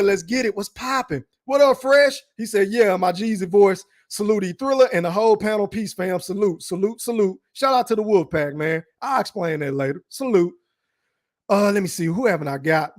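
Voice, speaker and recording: High-pitched man, young adult, live-stream host, casual, profane, animated. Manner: animated, profane, reading chat shout-outs.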